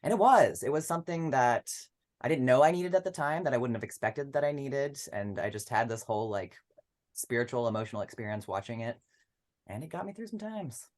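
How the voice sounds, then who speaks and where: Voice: mid-range voice, expressive, brisk, a little mellow. Earnest, reflective activist guest. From Memphis, Tennessee. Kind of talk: casual panel chat.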